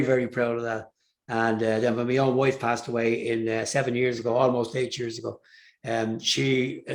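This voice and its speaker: An older man with an Irish accent, a singer telling rambling stories with fillers and restarts in an interview. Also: medium pitch. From Ireland. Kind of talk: casual storytelling interview.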